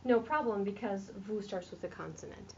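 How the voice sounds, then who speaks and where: A woman French teacher explains questions step by step while writing on a board during a classroom grammar lesson. Her mid-range voice has a darkish tone and a normal speed. The distant lo-fi classroom recording carries slight background noise.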